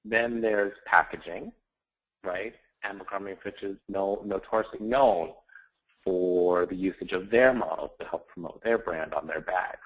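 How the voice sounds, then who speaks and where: A man's voice: sits low, normal speed, low-quality recording. A man giving a conversational branding lecture with slides, often checking in with his audience with tag questions. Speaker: branding instructor.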